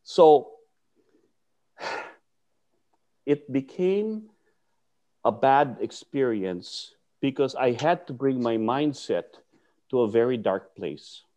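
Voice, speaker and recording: A man's voice: drawn-out words, pauses often. A man, a martial arts teacher, telling a story in conversation and acting out the voices of people he quotes. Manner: lively, acts out quotes with swings in pitch and volume.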